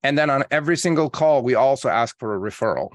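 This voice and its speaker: A man with a medium-pitched voice is a guest on a podcast, talking as a marketing coach. He explains at length and acts out example phone calls in quoted voices. The sound is close and dry, with no room echo. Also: fast. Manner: energetic storyteller acting out calls in quotes. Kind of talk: podcast interview.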